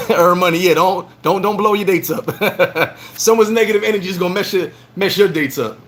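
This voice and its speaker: Broadcasting from a Dominican Republic bar, this vlog host speaks at a moderate pace in a voice that sits high. His casual livestream is full of lively anecdotes, and he performs each quoted line.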